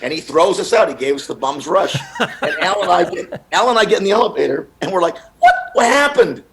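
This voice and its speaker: A man telling comic stories on a podcast as a guest comedian, lively and often slipping into other people's voices. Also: sits high, fast, creaky, background noise. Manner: animated, acts out other people's voices with laughs. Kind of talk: casual podcast storytelling.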